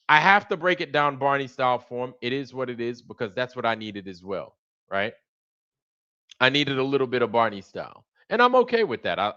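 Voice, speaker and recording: Hosting a livestream, a man delivers a casual, animated monologue, acting out both sides of a conversation. His mid-range voice is bright with a forceful tone, though the audio sounds dull.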